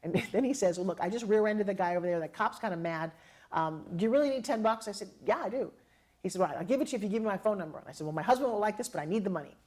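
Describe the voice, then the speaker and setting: A middle-aged woman telling personal stories as a motivational speaker, lively and acting out quoted dialogue with laughs. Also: mid-range voice, rapid-fire. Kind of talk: personal storytelling to an audience.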